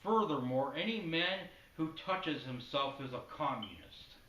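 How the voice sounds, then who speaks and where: A man's voice: a little high, animated, unhurried, bright, forceful tone, a little hiss or hum. A man voicing a foul-mouthed, paranoid middle-aged sitcom father who snaps profane outbursts, heard in an echoey room from a distant mic. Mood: gruff.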